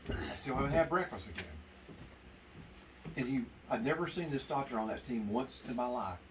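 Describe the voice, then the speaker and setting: A man telling an animated story to a men's meeting, laughing as he talks. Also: medium pitch, normal speed. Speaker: testimony speaker at men's meeting. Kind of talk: casual storytelling to a group. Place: indoor meeting room. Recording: distant mic with background noise.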